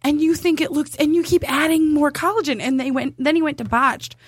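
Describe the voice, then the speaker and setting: A woman's voice: high-pitched, steady tone, fairly quick, no room sound, clean studio sound. A woman co-hosting a podcast, chatting casually in a candid, wry way and telling stories. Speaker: podcast co-host. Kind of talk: casual chat.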